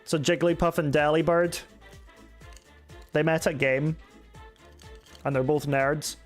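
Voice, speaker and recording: A man's voice: on the high side, fairly even intonation, slow pace. A young Scottish man streaming a game, chatting casually and with self-mockery as he reads out viewer messages and answers them. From Scotland. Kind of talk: casual live-stream chat while gaming. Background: faint background music.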